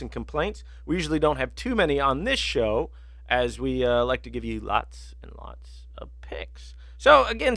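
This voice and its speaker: Guy hosting a betting podcast, rambles and swears a lot, pitch jumps all over, kinda high. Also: vocal fry, fairly bright tone, dry recording, clean studio sound. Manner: rambling, profane storytelling with many fillers. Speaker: sports betting podcast host. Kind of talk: casual chat.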